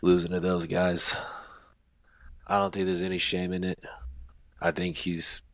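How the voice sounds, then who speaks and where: Brief: male podcast co-host, very low and even delivery, dry close sound, steady analytical picks. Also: a little slow, no room sound. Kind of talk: casual fight prediction chat.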